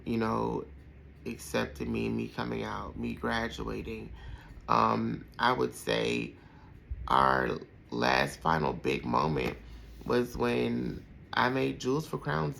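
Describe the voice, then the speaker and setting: A man's voice: mid-range voice, takes it slowly, vocal fry, a bit bright, slight background noise, poor audio. A man in his thirties hosting a podcast, telling a heartfelt personal story in a rambling way with many fillers. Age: 30s. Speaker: podcast host.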